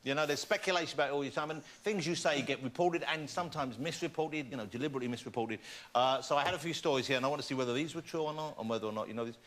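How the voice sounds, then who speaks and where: A man's voice: mid-range voice, rapid-fire. A man hosting a chat show, teasing his guests with joking questions in front of a studio audience. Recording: loud studio audience and noise.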